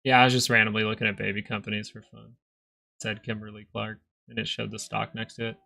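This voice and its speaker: Young man, casual market livestream chatter, rambling, gravelly, monotone. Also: lowish voice, fast talker, no room sound. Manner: chatty, rambling, reads chat aloud. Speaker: stock market livestream host. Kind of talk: casual live market commentary.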